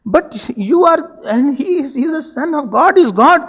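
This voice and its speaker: A man's voice: very high voice, lively intonation, moderate pace, fairly bright tone. A man voicing an anxious, reluctant male god who hesitates and pleads in embarrassment. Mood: worried. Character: anxious reluctant male god, devout, fearful of his own gaze.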